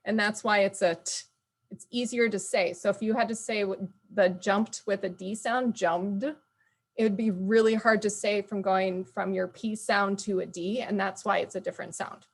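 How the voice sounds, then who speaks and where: A woman's voice: mid-range voice, steady tone, normal speed, vocal fry. Woman teacher explaining on a call. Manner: explanatory, corrects herself. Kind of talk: presenting in an online meeting.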